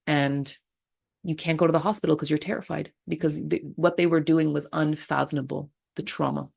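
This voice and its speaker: A low-pitched middle-aged woman with a gravelly edge tells candid stories as a podcast guest. She is blunt and lively and swears without pausing. She talks as a birth attendant recounting what she has lived through. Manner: blunt and animated, swears freely. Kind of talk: candid storytelling interview.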